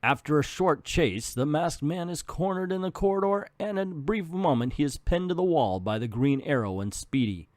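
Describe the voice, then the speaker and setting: A man's voice: on the high side, expressive, moderate pace, few pauses, darkish tone, no echo. A man hosting a comedic comic book read-through, narrating panels dramatically and tossing in jokey asides. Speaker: host reviewing a comic.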